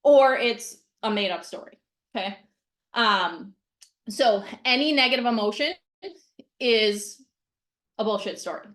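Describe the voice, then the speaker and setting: A blunt, emphatic middle-aged woman teaching casually over a video call, her voice sitting a little high. She drives each point home and checks in with "okay?" after nearly every line. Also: unhurried, pauses often, a bit bright. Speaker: mindset coach.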